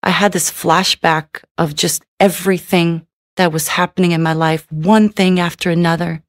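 A woman's voice: on the low side, fairly even intonation, moderate pace, no room sound, studio quality. A middle-aged woman giving an emotional personal testimony in a tearful manner, with many repeated "you know"s. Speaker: testimony speaker.

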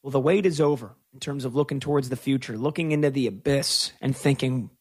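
A man hosting a call-in sports talk radio show, giving strong opinions with drawn-out emphasis on key words. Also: mid-range voice, darkish tone, slightly rough.

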